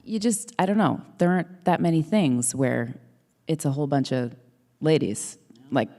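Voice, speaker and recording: A woman actor chatting on a stage panel, halting and searching for her words. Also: deep voice, mellow. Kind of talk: casual panel chat. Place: stage panel in a large auditorium. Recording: long hall reverb from a live stage.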